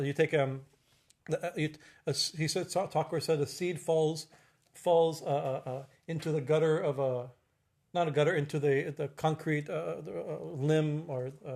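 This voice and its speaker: Halting, chanting older-sounding swami. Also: male voice, a little high, a little mellow. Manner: halting, many fillers and restarts, tag questions; chants Sanskrit verses slowly. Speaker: swami giving a discourse. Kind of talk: religious discourse on worship. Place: temple.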